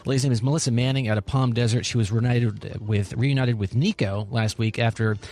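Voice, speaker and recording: A man reading a light news story on a radio show in a calm, matter-of-fact way. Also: mid-range voice, brisk. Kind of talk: casual news segment.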